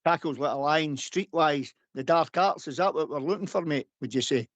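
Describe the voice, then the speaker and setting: A man's voice: on the high side, moderate pace, no room sound. A man calling into a live radio phone-in, matey and chatty, calling the others mate and buddy. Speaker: caller.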